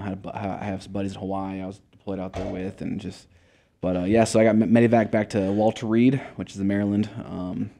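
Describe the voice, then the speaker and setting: A young man with a very low, gravelly voice and a dark, mellow tone. He is a guest telling his story in a casual interview. He talks in a laid-back way, swearing often and filling gaps with loose filler words. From Montana, USA.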